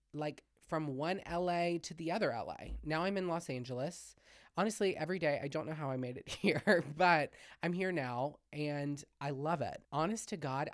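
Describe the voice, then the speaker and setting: A man's voice: dry recording, studio quality. A young man from Louisiana with a Southern twang, hosting a comedy podcast in a gossipy, self-deprecating chat. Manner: chatty, gossipy, self-deprecating, lively swings in pitch and loudness. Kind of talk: casual solo podcast chat. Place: home-made podcast set with hung backdrop.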